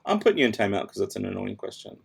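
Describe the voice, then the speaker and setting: Racing along in a very animated, fairly low voice that's gravelly with a breathy edge, a father hosts a late-night livestream at home. He reads out viewer questions and answers them with offhand sass while doing other tasks.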